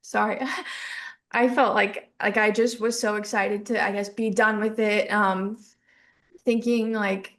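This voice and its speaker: A young woman hosting a podcast, soft-spoken and hesitant, talking in an emotional, heartfelt way. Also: mid-range voice, level tone, measured pace. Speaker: podcast host. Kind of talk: heartfelt interview talk.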